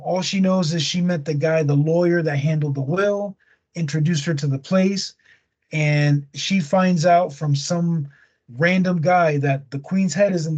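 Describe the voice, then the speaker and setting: Husky slangy man retelling a movie. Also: on the high side, muffled recording. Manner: slangy, animated storyteller. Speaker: podcast host. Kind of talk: casual chat retelling a movie plot.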